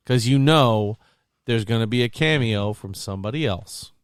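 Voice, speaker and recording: Excitable male podcast co-host, smooth clear voice, close and dry. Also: normal speed, no echo. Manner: excitable, acts out quotes in big high voices. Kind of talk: casual chat about movies and games.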